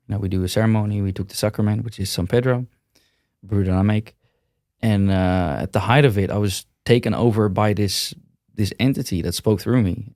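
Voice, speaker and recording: A man's voice: lowish voice, a little mellow, no room sound, studio quality. A man talking as a podcast guest, in a loose, rambling way with frequent restarts and repeated words. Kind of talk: casual interview conversation.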